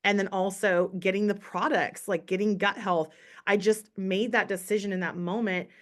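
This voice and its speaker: A woman's voice: medium pitch, fairly even intonation, moderate pace. A woman in her thirties telling her story in a chatty, motivational way on a casual team call. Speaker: direct sales team leader.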